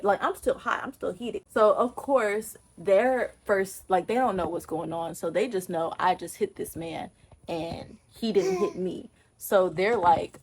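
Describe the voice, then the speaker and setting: A young woman vlogger from Texas tells an animated, emphatic, profane storytime in casual talk. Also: mid-range voice, measured pace, slight background noise.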